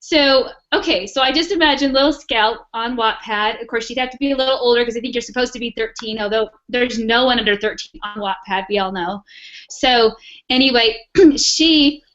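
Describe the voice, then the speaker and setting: Chatty female panelist, slightly high voice, muffled lo-fi call audio. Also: normal speed, fairly bright tone. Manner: chatty, laughs often, many fillers. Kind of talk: casual panel chat. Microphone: video call.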